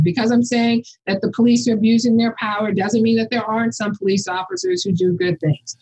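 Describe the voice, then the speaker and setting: A woman professor speaking as a podcast guest, her voice dark, mellow and very husky. She talks with passion and force, pressing each point home. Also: fairly high pitch, poor audio. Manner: impassioned and forceful. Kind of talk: casual podcast conversation.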